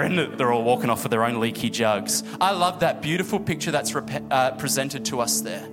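A man's voice: mid-range voice, expressive, a little fast, few pauses. A man preaching a sermon as pastor, casual and joking, acting out the people in his story. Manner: casual, joking asides and acted-out quotes. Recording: echoey hall with music behind.

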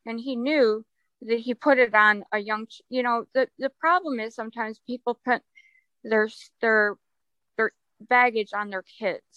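A woman's voice: fairly high pitch, a little slow, a bit bright, clean tone, dry recording, muffled recording. A woman guest on a podcast, speaking in a heartfelt, emphatic way and repeating her points. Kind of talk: conversational interview.

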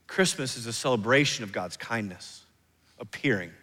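Bright-voiced male pastor preaching in a hall. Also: mid-range voice, animated. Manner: emphatic preaching, drops soft on key phrases, slows for scripture. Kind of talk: sermon. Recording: long reverb of a large hall.

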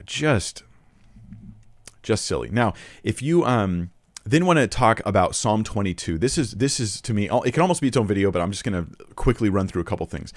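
Man, low voice, earnest argumentative commentary, quotes passages, restarts phrases, dry close recording. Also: dry recording. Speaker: Christian apologetics video presenter. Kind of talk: casual spoken commentary.

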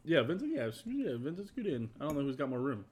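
A young man hosting a casual stream, telling relaxed stories and chatting with friends. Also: on the high side, quick pace, background noise. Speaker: streamer host. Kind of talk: casual chat.

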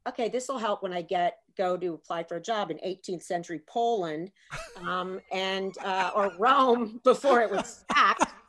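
A middle-aged woman tells funny stories as a guest in a relaxed conversation. She is animated and jokey, often laughing between her lines. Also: mid-range voice, moderate pace. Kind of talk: comic storytelling in casual chat.

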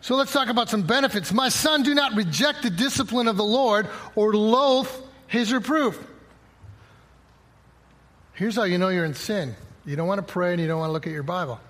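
Man, high-pitched, middle-aged, conversational sermon, quotes scripture, acts out dialogue. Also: normal speed, fairly bright tone. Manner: conversational preaching, quoting scripture, acting out dialogue. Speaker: pastor.

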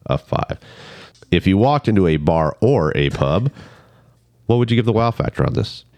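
A male host with a very deep, lively voice and a quick pace. He rates beers in a jokey, chatty way, often restarting his sentences, and his voice sounds dry and close. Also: no room sound. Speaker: podcast host. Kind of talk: casual chat, beer tasting.

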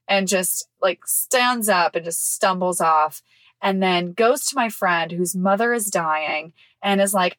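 A woman hosting a podcast, telling a personal story in casual chat, frank and expressive, swearing freely and laughing often. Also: mid-range voice, a little slow, dry recording. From California. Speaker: podcast host. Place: visiting family in the South.

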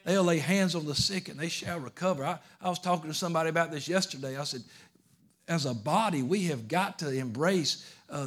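A pastor preaching a sermon, telling a story that swings from hushed, low asides to emphatic, raised declarations. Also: male voice.

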